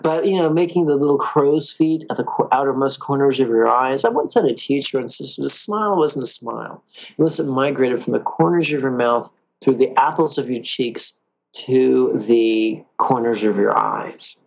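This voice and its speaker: A man teaching a guided meditation in a calm, playful way, slowing down for the guided phrases. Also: mid-range voice, creaky, dull audio.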